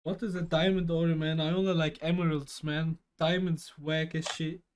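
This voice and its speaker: A young German man co-hosts a casual podcast over an online voice call, rambling, joking, and sometimes bursting into shouts. His voice is fairly high with little pitch movement, at a moderate pace.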